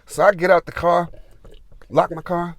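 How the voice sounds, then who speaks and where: Guy in his 40s rambling through a story, kinda high voice, dry sound. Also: moderate pace, no echo. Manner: rambling, filler-heavy, animated retelling. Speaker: gardening vlogger. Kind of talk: casual storytelling.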